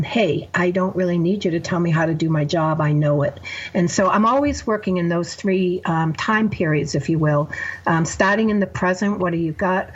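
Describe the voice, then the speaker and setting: A woman's voice: lowish voice, husky, muffled recording. A woman therapist guest on a podcast, explaining her method step by step with examples. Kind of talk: podcast interview.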